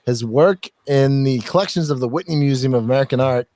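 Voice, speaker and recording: A man's voice: mid-range voice, brisk, darkish tone. A man hosting a podcast in casual chat, reading contributor bios aloud in a rambling, joking way that is full of swearing and laughter. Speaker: podcast host.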